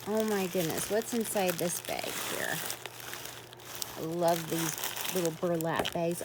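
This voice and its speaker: Female craft vlogger, high, animated delivery, effusive unboxing chat, faint room noise. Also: takes it slowly. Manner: gushing, effusive exclamations.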